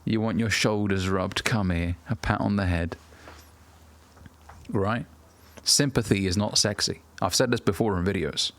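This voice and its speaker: A man's voice: on the low side, a little slow, long pauses, a bit bright. A man in his thirties giving blunt, profane self-improvement advice straight to the camera as a coach. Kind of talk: direct-to-camera advice talk.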